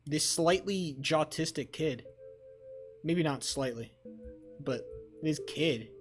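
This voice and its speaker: A young man chatting on a live stream, rambling and excitable with lots of swearing. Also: on the high side, slow, soft background music. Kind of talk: casual live-stream chat.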